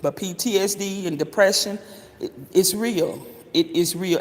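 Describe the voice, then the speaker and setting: A man's voice: high-pitched, measured pace, slight background noise. A man chatting casually to his viewers, calling them honey and swearing freely. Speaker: vlogger. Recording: long reverberant echo.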